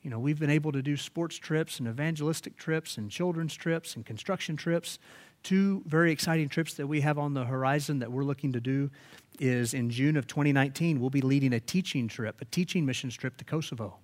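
A man preaching a sermon as pastor, animated and emphatic, often restarting his phrases. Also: a little high, a little fast.

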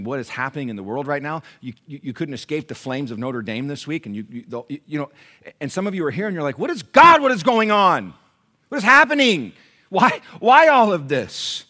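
A man preaching a sermon in a church, lively, calling out to the congregation and acting out little voices. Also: mid-range voice. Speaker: pastor.

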